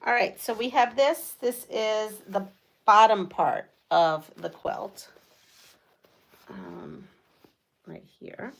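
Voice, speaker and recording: A woman's voice: medium pitch, animated, takes it slowly, gravelly, long pauses. A woman vlogger chatting casually and rambling as she works on a quilt, laughing at her own tangents. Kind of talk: casual chat while quilting.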